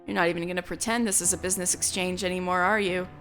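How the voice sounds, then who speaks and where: A woman voicing a reserved, stiff young male sailor, pitched low and dry. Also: steady tone, very fast, a bit bright, faint music behind.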